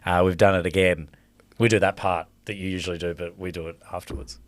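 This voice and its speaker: A man's voice: deep voice, flat delivery, quick pace, no room sound. Joking guy, close dry mic. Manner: joking, laughs often. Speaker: podcast co-host. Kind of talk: casual chat.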